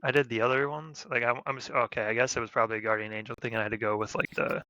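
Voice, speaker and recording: A man's voice: mid-range voice, very fast, dry recording, muffled recording. Profane man telling a war story. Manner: rambling, profane, animated retelling with loud quoted shouts. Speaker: podcast co-host, army veteran. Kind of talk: casual storytelling chat.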